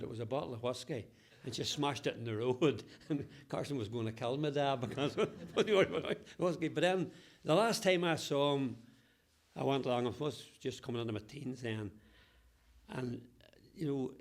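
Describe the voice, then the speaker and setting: Speaking at a medium pitch, an elderly man in his eighties recalls growing up in Ballywalter, Northern Ireland. He is a local historian interviewee whose reminiscing is full of chuckles, broad local dialect and a Northern Irish accent.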